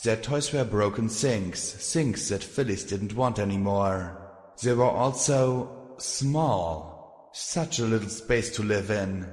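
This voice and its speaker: A man narrating a fan fiction audiobook in a steady, measured way. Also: on the low side. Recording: echoey room with long reverb.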